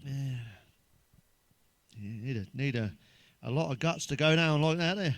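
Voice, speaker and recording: There's a little hiss or hum as a middle-aged comedian talks in an unhurried, medium-pitched voice. He wanders through a monologue of blunt, foul-mouthed jokes and chuckles at his own punchlines.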